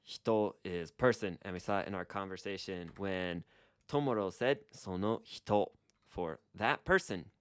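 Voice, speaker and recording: Casual male podcast co-host, low voice, relaxed, dry close mic, models phrases slowly. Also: clean tone, no echo. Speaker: Japanese language co-host.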